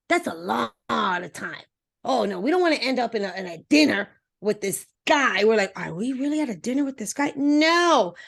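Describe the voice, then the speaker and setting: A woman dating coach talking as a podcast interview guest, energetic and emphatic, speaking straight to her listeners and acting out little voices. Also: gravelly. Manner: acts out voices with expressive pitch swings.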